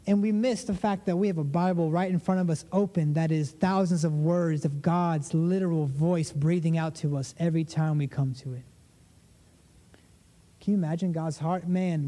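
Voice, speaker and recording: A man's voice: normal speed, dark tone, big-room sound. A man preaching a conversational sermon as a pastor, acting out prayers in a lifted voice. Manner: conversational preaching, acts out prayers with rising pitch.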